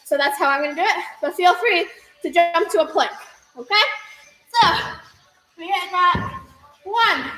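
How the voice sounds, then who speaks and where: A woman's voice: very high-pitched, unhurried, pauses often. A young woman coaching an online gymnastics class, upbeat and cheering, laughing often and out of breath from the workout. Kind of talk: online fitness class instruction. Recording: echoey room with music behind.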